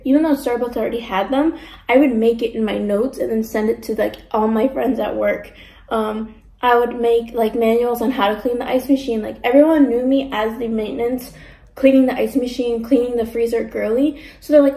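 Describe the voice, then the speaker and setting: A chatty young woman talks through a casual eating vlog and slips into other people's voices as she tells her stories. Her voice sits a little high. The room around her is noticeably echoey. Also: a little fast. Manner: chatty, animated storytelling with mimicked voices. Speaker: mukbang vlogger. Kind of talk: casual chat while eating.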